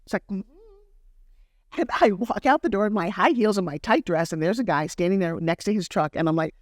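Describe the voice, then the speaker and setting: A woman's voice: lowish voice, brisk, dry recording. Storytelling woman, dry close sound. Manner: acts out quoted dialogue in lively voices. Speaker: guest entrepreneur. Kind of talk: animated storytelling interview.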